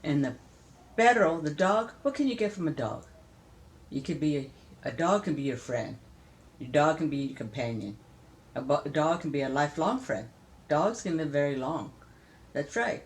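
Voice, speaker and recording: An older grandmother from Southern California talks casually to a grandchild, playful and chatty with easy laughter. Her pitch moves around a lot as she explains things. It sounds like an informal home lesson. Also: animated, normal speed, pauses often. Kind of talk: casual spoken lesson to a child.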